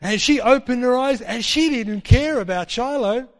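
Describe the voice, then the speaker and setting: Animated high-voiced preacher in a reverberant hall. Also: male voice, normal speed. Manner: animated, acts out quotes in mock voices. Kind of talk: sermon.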